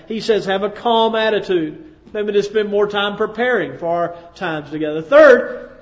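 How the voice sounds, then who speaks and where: High-voiced preacher in a reverberant hall. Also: male voice. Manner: folksy, emphatic, asks the audience questions. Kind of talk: sermon. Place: church hall. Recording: dull sound with long hall reverb.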